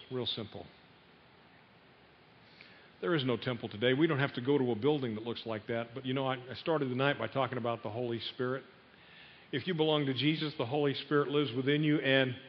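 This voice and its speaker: A man's voice: medium pitch, slight background noise. A man preaching a sermon, telling a story and putting questions to his listeners. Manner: storytelling, asks the audience questions. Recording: dull sound in a long-reverb hall.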